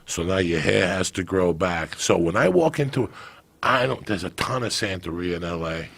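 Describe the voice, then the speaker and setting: A man in his fifties from a Cuban family, telling profane, animated stories as a podcast guest. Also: deep voice, normal speed, vocal fry. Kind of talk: casual storytelling.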